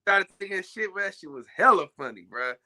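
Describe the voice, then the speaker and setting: A man's voice: sits high, animated, brisk, pushed and bright, no room sound. A man co-hosting a talk show online, chatting loosely and telling a story in slang. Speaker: podcast co-host. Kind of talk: casual chat.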